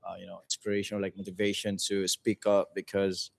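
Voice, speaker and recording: A man's voice: deep voice, completely flat delivery, brisk, gravelly. A man with a Filipino accent, speaking frankly and with feeling in a casual livestream chat, often repeating words. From Philippines. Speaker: music group member on a livestream.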